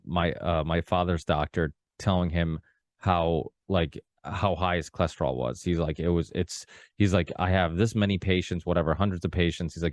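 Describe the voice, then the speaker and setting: A man born in Portugal, hosting a podcast and telling a personal story in an animated, casual way, with many restarts and some swearing. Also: sits low, no echo. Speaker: podcast host. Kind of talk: casual conversation.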